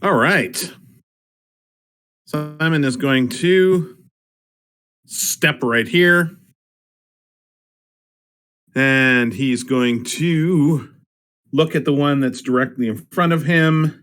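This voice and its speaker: A man playing a tabletop game online, calmly spelling out his moves one step at a time. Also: mid-range voice, drawn-out words, long pauses, smooth. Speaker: player.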